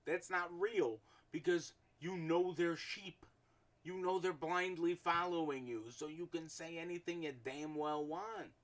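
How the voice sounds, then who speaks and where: A man's voice: on the high side, fairly even intonation, a little slow, fairly bright tone. A man co-hosting a casual podcast chat, ranting in a blunt, heated, profane way. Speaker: podcast co-host.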